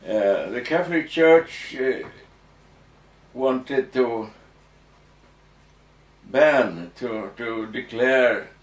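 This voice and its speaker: A man answering interview questions slowly and hesitantly, with frequent ums and restarts. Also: mid-range voice. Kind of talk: halting explanatory interview answers. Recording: echoey room, distant mic, faint noise.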